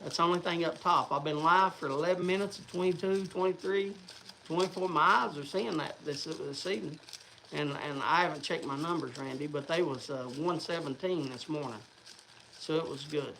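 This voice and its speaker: A man's voice: fairly high pitch, moderate pace, creaky, pushed and bright, slight background noise, rough recording. A man hosting a livestream, talking to viewers in a rambling, chatty way. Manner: rambling, chatty, restarts and fillers. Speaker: livestream host. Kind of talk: casual livestream chat.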